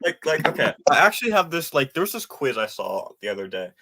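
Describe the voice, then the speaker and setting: A man in casual conversation, quick to joke and share strong opinions. His voice is bright and sharp, with a lively, bouncing pitch. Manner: joking, gives opinions freely. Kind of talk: casual chat.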